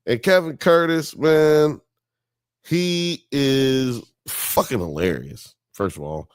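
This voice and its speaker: A man's voice: mid-range voice, lively intonation, takes it slowly, clean tone, no room sound, studio quality. Profane Southern man, rambling commentary. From Alabama. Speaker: podcast host. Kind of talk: casual commentary on a TV documentary.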